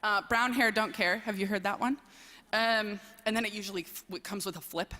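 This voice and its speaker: A woman's voice: mid-range voice, fairly even intonation, a little fast, bright, forceful tone. A young woman from southern Wisconsin giving a playful, self-deprecating personal talk at a college chapel service, with lots of "um"s. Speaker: chapel speaker, speech coach. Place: large chapel. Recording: long reverb in a large chapel.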